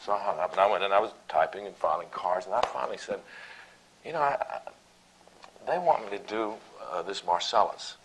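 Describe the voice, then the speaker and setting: A man's voice: low-pitched, fairly quick. A man on a theatre panel telling a self-mocking anecdote, rambling and chuckling as he goes. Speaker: actor on a panel. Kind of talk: anecdotal storytelling. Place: theatre seminar before an audience. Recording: old noisy recording with loud hiss.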